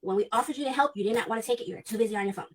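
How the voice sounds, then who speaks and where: A woman ranting on a livestream, talking quickly and bluntly, with heavy swearing and lots of repetition. Her voice sits a little high, and a faint hiss runs under the recording. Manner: blunt, heated, swears a lot, repeats herself. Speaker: vlogger. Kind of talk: clipped livestream rant.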